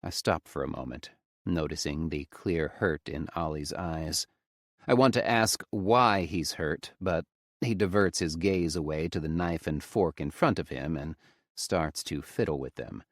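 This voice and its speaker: Close to a studio microphone, a man reads a first-person romance audiobook in a hushed, intimate storytelling voice, with no room sound at all.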